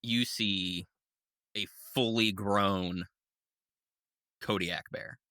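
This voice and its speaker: Bright-voiced male game master. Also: lowish voice, fairly even intonation, drawn-out words, dry recording. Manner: easygoing, descriptive, filler-heavy narration. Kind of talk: narrating a tabletop game.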